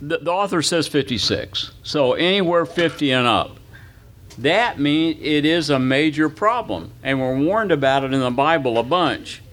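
An older male pastor teaches a Bible class in a folksy, conversational way, throwing questions to the room and wandering into stories. His voice sits a little high for a man. A faint hum of room noise is behind him. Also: animated, normal speed, a bit bright. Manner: folksy, asks the audience questions, tells anecdotes.

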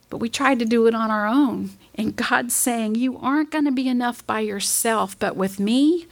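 A woman delivers a sermon in an earnest, steady way. Her voice sits a little high, and she slows down to stress the scripture she reads. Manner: earnest, reads scripture aloud with slow emphasis. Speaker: preacher.

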